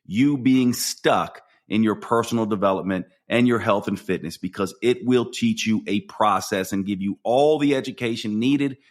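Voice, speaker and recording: A man's voice: lowish voice, normal speed, hardly any pauses. A man, the podcast host, reading an upbeat promotion that speaks directly to listeners. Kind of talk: promotional read.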